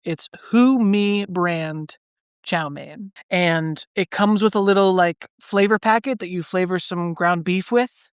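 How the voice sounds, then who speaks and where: A man co-hosting a podcast rambles loosely through his stories in casual chat, filling them with "like." He speaks slowly in a smooth, high-sitting voice, recorded with clean studio sound and no room sound.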